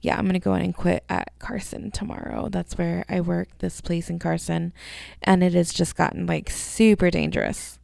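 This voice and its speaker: A woman's voice: lowish voice, little pitch movement, normal speed, creaky, darkish tone, no room sound, clean studio sound. A woman in her thirties hosting a casual solo podcast, rambling and chatty, swearing freely. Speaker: podcast host.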